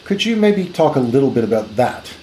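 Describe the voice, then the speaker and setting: A man's voice: medium pitch, sing-song, fairly quick, a little mellow, slight background noise. A man hosting an interview, asking his guest a polite, inviting question. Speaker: host.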